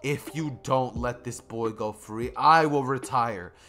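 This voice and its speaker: A man voicing a weary, gentle but firm older male hero in a low, solemn delivery while narrating a fan story. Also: slow. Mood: resolute.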